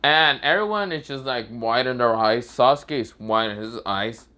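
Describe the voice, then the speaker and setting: A man improvising a fan story out loud in a casual, swearing, often laughing way, with frequent restarts. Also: mid-range voice, normal speed.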